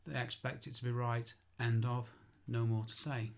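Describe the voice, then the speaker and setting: A gravelly, medium-pitched man delivers an informal spoken tutorial on architectural photography, his own line of work, at a moderate pace and in a flat manner. He's chatty and self-deprecating and corrects himself aloud.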